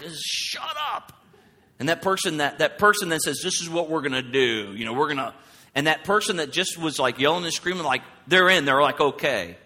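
A man's voice: mid-range voice, sharp tone. A man giving an informal, conversational sermon, telling stories and acting out the voices he quotes. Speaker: preacher. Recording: long hall reverb.

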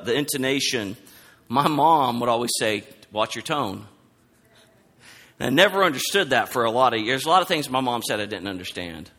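A man preaching a sermon, animated, acting out quoted lines as he goes. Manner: animated, acts out quoted lines with rising pitch. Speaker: pastor. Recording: long hall reverb.

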